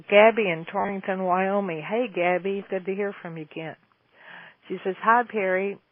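A woman in her seventies hosts a call-in Q&A, talking in a chatty, folksy, enthusiastic way. Her voice comes through a tinny, phone-like line. The sound is dry, with no room echo. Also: on the low side. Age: 70s. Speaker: host answering listener questions. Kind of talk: call-in Q&A chat.

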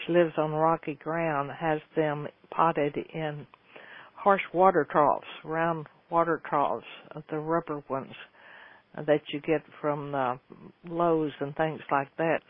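A man's voice: fairly high pitch, no echo. A man hosting a show, giving casual gardening advice to listener questions in a folksy, rambling way, often restarting his sentences. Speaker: host answering listener questions. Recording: tinny phone-like line, dry.

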